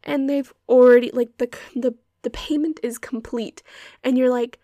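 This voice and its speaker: A woman's voice: sits high, steady tone, normal speed, warm tone, no room sound, studio quality. A young woman hosting a podcast, ranting in an exasperated, sarcastic and sweary way. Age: young adult. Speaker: podcast host. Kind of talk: ranting monologue.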